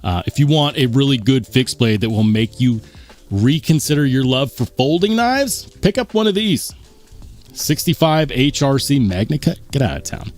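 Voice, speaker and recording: A man's voice: mid-range voice, expressive, normal speed, darkish tone, faint music behind. A man hosting a live stream in casual chat, reading viewer comments aloud and reacting in an upbeat, rambling way. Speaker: livestream host.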